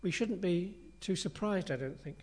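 A male preacher walks his congregation through a passage at a normal speed, relaxed and conversational, earnest and reflective. His voice is a little higher than most men's.

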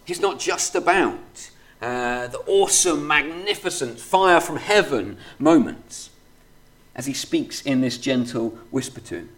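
A man's voice: mid-range voice, lively intonation, a little slow, fairly bright tone. A man preaching a sermon in a conversational way, reading scripture aloud and filling his talk with "kind of" and "you know". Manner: reads scripture aloud steadily.

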